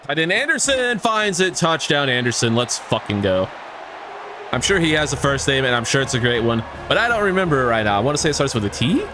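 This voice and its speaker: A man's voice: mid-range voice, big pitch swings, a little fast, noisy background. A man giving casual gameplay commentary, swearing and ranting at the game with exasperation. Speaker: gaming YouTuber.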